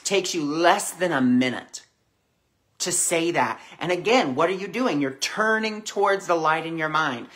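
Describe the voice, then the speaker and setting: A woman's voice: low-pitched, expressive, unhurried, a bit bright. A woman hosting a weekly spiritual discussion, talking conversationally and acting out voices in her stories. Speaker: spiritual teacher.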